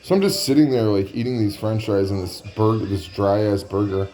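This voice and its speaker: A man's voice: lowish voice, moderate pace, dark tone. A man telling a comic story in a rambling, profane way, full of "like" fillers.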